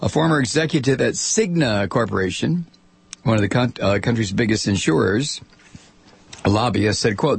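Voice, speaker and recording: A man's voice: medium pitch, normal speed, vocal fry, slightly rough, no echo. A man hosting a political talk show, reading news and ranting sarcastically. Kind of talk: political talk radio commentary.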